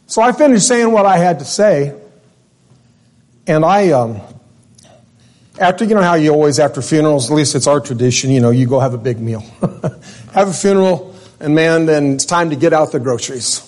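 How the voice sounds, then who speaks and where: A male pastor in a higher-than-usual register delivers a sermon to his church. He tells the story with real emotion and draws out the important phrases slowly. The talk feels personal and heartfelt. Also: darkish tone. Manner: emotional storytelling, slowing and stretching key words. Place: church service before a congregation.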